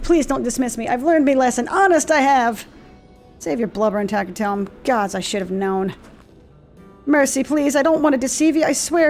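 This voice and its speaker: A woman voicing a young man in a video game who begs forgiveness for lying, slipping into a rough accent. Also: sits high, darkish tone. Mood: pleading. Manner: pleading, rushed excuses, slips into a rough accent.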